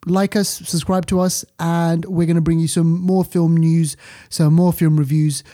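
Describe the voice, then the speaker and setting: Guy on a film podcast, mellow tone, laughs a lot and trips over his words. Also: fairly high pitch, measured pace. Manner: animated, laughs often, stumbles over words. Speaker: podcast co-host. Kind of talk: casual chat.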